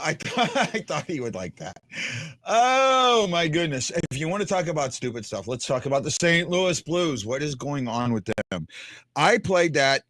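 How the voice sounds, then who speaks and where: A man hosts a live fan stream with a slightly raised, very animated voice that rises and falls constantly. He rambles, jokes and talks to viewers in the chat by name. The sound is close and dry, with no room around it. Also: a little high, dry recording. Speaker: livestream host.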